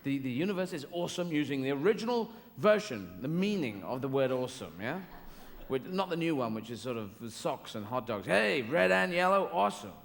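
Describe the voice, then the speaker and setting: A man's voice: mid-range voice, big pitch swings, brisk. A man doing stand-up comedy on a theatre stage, rambling through whimsical tangents with frequent restarts. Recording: echoey live theatre hall with ambient noise.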